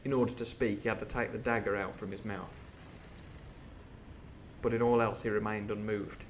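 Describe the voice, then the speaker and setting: A man reading a classic adventure novel aloud as host of a live stream, with animated, jokey asides. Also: on the low side, normal speed, long pauses, a little hiss or hum. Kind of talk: storybook reading with live commentary.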